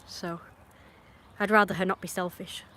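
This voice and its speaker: Woman, middle pitch, livestream rant, blunt, swearing, rambling, muttering then loud outbursts. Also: steady tone, unhurried.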